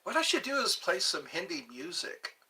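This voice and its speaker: Drifting from topic to topic, a channel host muses aloud in a relaxed solo vlog. His high voice swoops wildly in pitch, sounds pushed and bright, keeps a moderate pace, and is caught a little far from the microphone.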